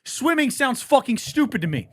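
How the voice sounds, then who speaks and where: A man co-hosting a podcast, telling stories in a loud, animated, profane way and shouting the lines he quotes. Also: extremely high pitch, normal speed, no room sound. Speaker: podcast co-host. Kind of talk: casual podcast banter. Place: podcast studio.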